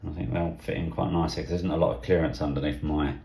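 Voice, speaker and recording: At his workbench, a middle-aged model railway vlogger from England offers casual commentary while unboxing, thinking aloud with hesitant fillers. He speaks very low in a dark, mellow, gravelly voice with fry, keeping a steady tone and frequently sinking to a soft half-whisper.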